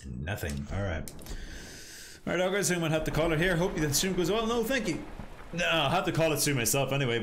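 A man's voice: on the high side, a bit bright, slight background noise. Tired, joking gameplay streamer man. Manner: joking, chatty with viewers. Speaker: game streamer. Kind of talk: casual gameplay commentary.

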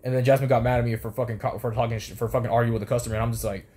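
A man's voice: mid-range voice, flat delivery, very fast, a little mellow. A young man ranting about an old job, heated and profane, tripping over restarts as he rambles on. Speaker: former fast food worker. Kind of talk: profane storytelling rant.

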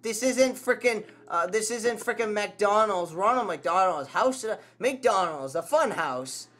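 A man's voice: high voice, animated, measured pace, sharp tone. A man commentating a horror game, swearing and yelping at scares. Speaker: gameplay commentator.

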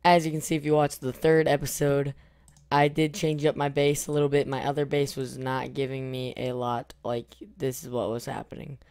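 Hoarse young man narrating gameplay. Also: medium pitch, normal speed. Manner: excitable, swings from mumbling to loud cheering. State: losing his voice. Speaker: gaming YouTuber. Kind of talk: casual gameplay commentary.

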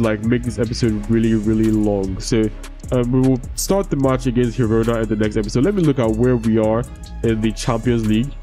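This rough recording captures a young gaming YouTuber with a medium-pitched, dark-toned voice. He offers expletive-filled, casual commentary on a football video game and rants angrily when it frustrates him.

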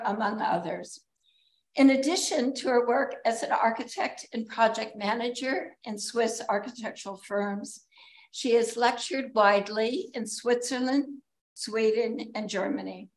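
A woman at a podium giving a formal introduction at an academic symposium, reading prepared remarks with quick asides and fillers. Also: on the high side. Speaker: symposium speaker introducing a guest. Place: lecture hall. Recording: echoey lecture hall.

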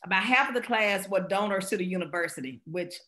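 A middle-aged woman speaker from Mississippi, answering questions after a talk and telling stories with quick laughs. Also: medium pitch. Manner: animated storyteller, quick laughs. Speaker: guest speaker.

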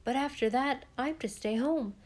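A woman's voice: high-pitched, moderate pace, a little mellow, pitched above the performer's own voice. A woman reading the lines of a solemn, earnest young farm boy who talks in plain rustic speech. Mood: eager.

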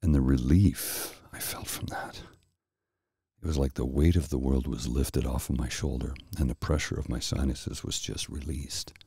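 A middle-aged man hosting a soft-spoken ASMR chat, telling a rambling story slowly and with restarts, close to the mic. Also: rumbling low, fairly even intonation, gravelly, husky, no echo. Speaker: host.

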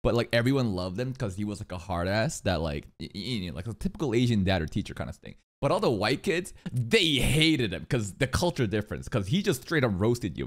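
A man streaming live anime reaction commentary, excitable and exclamatory, swearing often and repeating words rapidly when surprised. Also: on the low side.

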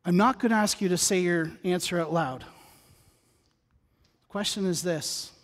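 A man's voice: high-pitched, takes it slowly. A middle-aged man preaching a sermon as pastor, mixing scripture reading with humorous asides and a personal story in a conversational way. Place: church sanctuary. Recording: church sanctuary with long reverb.

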